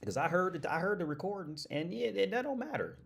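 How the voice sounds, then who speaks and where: A young man hosting a casual livestream, swearing freely and breaking into loud laughs. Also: sits high, big pitch swings, quick pace, gravelly, breathy edge. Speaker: livestream host.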